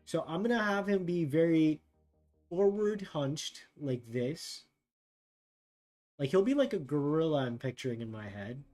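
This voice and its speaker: Musing male art streamer, slightly high voice. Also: expressive, faint music behind. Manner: musing, reads text aloud haltingly and thinks out loud. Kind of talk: casual livestream chat while drawing.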